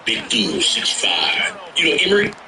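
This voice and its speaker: A man telling tour stories in a casual chat, animated and slangy, swearing freely and breaking into loud outbursts. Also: fairly high pitch, normal speed, crowd noise, rough recording. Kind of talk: casual storytelling.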